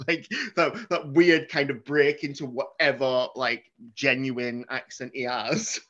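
A man's voice: mid-range voice, lively intonation, measured pace, hardly any pauses, a bit bright, lo-fi sound. A man co-hosting a podcast, casually reviewing a film. He talks animatedly, swears freely and acts out his own reactions. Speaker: podcast co-host.

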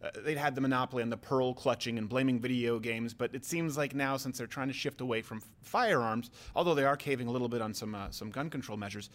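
A man hosting a comedic podcast in casual chat, joking around and putting questions to his guest. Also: mid-range voice. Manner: animated, quick, jokey, asks questions. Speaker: podcast host.

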